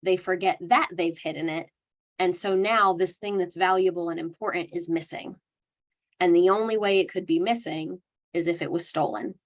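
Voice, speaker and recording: A young adult woman with a slightly low voice delivers a dementia care lesson. She talks in an earnest, conversational way and acts out the kind, validating phrases she recommends. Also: steady tone, moderate pace. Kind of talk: educational talk.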